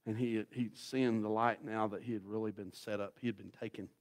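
A man preaching a sermon as guest pastor, telling the story in a folksy, dramatic way that swings from loud to hushed. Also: on the low side, fairly even intonation, fairly quick.

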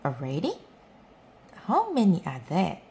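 A woman's voice: medium pitch, huge pitch swings, a little slow, darkish tone, a little hiss or hum, pitched above the performer's own voice. A woman voicing a jolly, fussy father pig who talks heartily and grumbles in a storybook reading. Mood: hearty.

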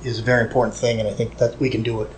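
A man being interviewed as a guest author inside a shop, speaking earnestly and haltingly with frequent restarts. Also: medium pitch, flat delivery, slight background noise, low-quality recording. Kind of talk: casual interview. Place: shop, indoors.

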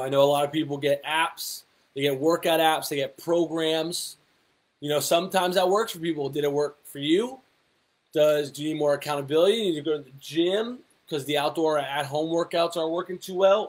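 A young adult man, a fitness coach, giving casual motivational advice with lots of rhetorical questions and fillers. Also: on the high side. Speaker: fitness coach and personal trainer. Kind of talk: casual motivational talk to camera.

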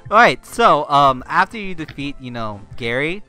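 A man's voice: on the high side, very animated, moderate pace, bright, forceful tone, faint music behind. A young man teasing his co-player with jokes during a casual gaming commentary. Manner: teasing, joking, breaks into mock singing. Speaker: Let's Play co-commentator.

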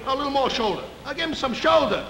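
An actor playing a frantic male studio crewman who barks hurried, high-pitched orders in a live 1949 TV sketch. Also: lively intonation, crowd noise. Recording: hissy echoey early TV kinescope.

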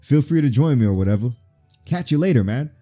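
A man's voice: medium pitch, animated, a little fast, warm tone, faint music behind, pitched above the performer's own voice, natural voice. A man voicing an overexcited young male gangster grunt with a country accent, in a game playthrough. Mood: breezy. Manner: giddy and overexcited.

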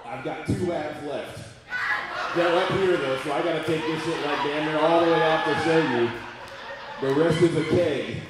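A man in his forties doing a loud, profane stand-up comedy routine at a live venue. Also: on the high side, moderate pace. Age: 40s. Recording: echoey room, mic far off, audience noise.

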